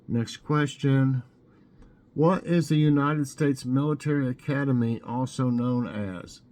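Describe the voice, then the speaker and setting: Mellow-voiced man hosting casual trivia. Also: medium pitch, measured pace. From Tennessee. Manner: chatty and musing, drawls out answer options. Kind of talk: casual trivia quiz, reading answers aloud.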